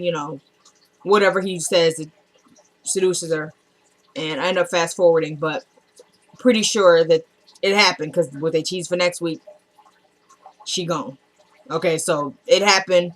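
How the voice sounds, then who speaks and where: A woman's voice: mid-range voice, a little fast, fairly bright tone. A woman casually recapping a TV drama episode, retelling scenes through quoted dialogue.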